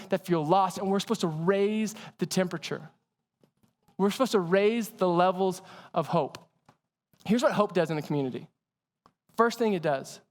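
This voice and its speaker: A man preaching a sermon as pastor, telling lively stories and asking the audience questions. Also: high voice. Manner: energetic storytelling with audience questions. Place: church hall. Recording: long hall reverb.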